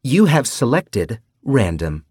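A man voicing a cutesy, small female game host with a bloodthirsty streak, speaking in a slow, formal announcer manner. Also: medium pitch, huge pitch swings, darkish tone, husky, no echo, clean studio sound, voice pushed up, exaggerated voice. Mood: cutesy announcing.

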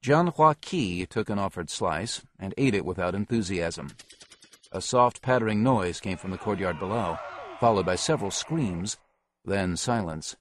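Low-voiced male audiobook narrator. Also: animated, moderate pace, a little hiss or hum.

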